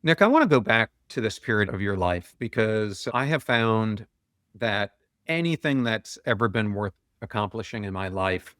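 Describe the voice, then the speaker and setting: A man hosting a podcast asks questions in a measured, deliberate manner. His voice sits on the low side. The sound is dry and close, with no room sound. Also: fairly bright tone, smooth, dry recording. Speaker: podcast host. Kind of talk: interview questions.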